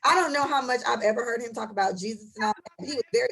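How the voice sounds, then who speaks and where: A woman's voice: on the high side, rapid-fire, vocal fry, a bit bright, slightly rough. Blunt, profane woman podcast co-host. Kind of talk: casual chat.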